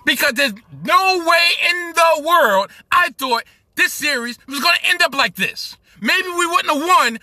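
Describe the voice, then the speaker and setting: A man's voice: very high voice, expressive, measured pace, few pauses, bright, forceful tone, dry recording. A man from Brooklyn with a New York accent, hosting a solo podcast and ranting profanely about sports. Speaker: podcast host.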